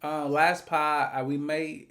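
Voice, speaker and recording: A man's voice: on the high side, little pitch movement, takes it slowly, a bit bright. Playful man co-hosting a podcast. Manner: joking, playful. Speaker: podcast co-host. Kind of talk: casual chat.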